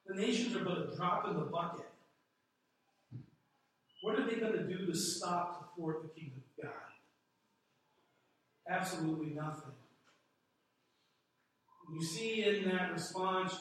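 A man's voice: fairly high pitch, a bit bright, a little hiss or hum. A man preaching a sermon in a conversational storytelling manner, chuckling now and then. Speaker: pastor. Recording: echoey room from a distant mic.

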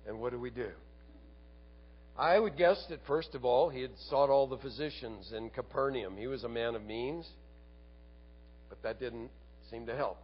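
A man preaching a sermon as a pastor, earnest, asking rhetorical tag questions and sinking to quiet emphasis. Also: medium pitch, moderate pace, breathy edge, highs cut off.

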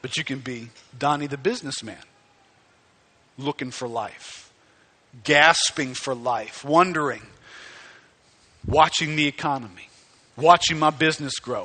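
A middle-aged man preaching a sermon as pastor, swinging from hushed, slow passages to loud, excited ones. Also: mid-range voice. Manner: animated preaching, swinging from hushed to near-shouting.

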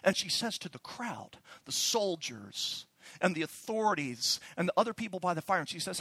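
A man's voice: high voice, sing-song, normal speed, bright, forceful tone, husky, no room sound. A man preaching a sermon, telling the story with animation and acting out the voices he quotes. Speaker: pastor.

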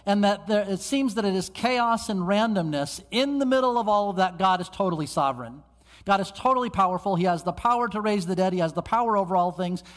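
High-pitched man preaching in a church, big echoey hall, speeds up then drops soft and slow. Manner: earnest preaching, dramatic swings in pace and loudness. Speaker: pastor. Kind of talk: sermon. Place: church sanctuary. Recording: long hall reverb.

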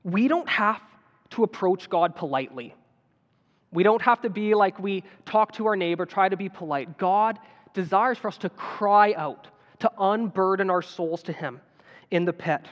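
High-voiced preacher in an echoing hall. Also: male voice, normal speed. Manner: earnest, building to emphatic appeals. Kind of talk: sermon. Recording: dull sound with long hall reverb.

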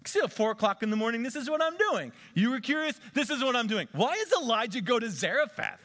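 A man preaching a sermon, animated, swinging between loud excitement and quiet intensity. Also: extremely high pitch, fast talker. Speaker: pastor.

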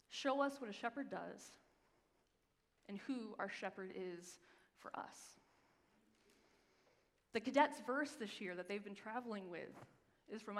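A woman pastor giving a sermon, telling a story with emphasis and slowing down for the scripture readings. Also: mid-range voice. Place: church sanctuary. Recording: long reverb of a large hall.

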